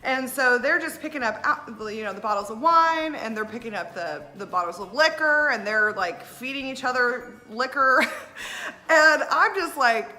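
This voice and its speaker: A woman, a wedding planner telling stories in a casual, animated way, often laughing and acting out what others said. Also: a little high, moderate pace, soft background music. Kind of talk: casual storytelling.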